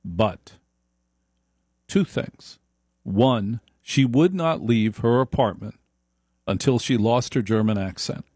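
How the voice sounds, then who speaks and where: A man's voice: mid-range voice, lively intonation, slow pace, long pauses, darkish tone, breathy edge, dry recording, studio quality. A man giving an opinionated storytelling monologue, emphatic and repeating points for stress. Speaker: speaker.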